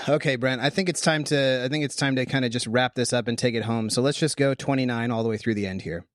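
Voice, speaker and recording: A man hosting a podcast, talking through a Bible passage casually, animated and full of restarts. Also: medium pitch, quick pace, dry recording, studio quality. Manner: animated, thinks aloud with restarts. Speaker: podcast host.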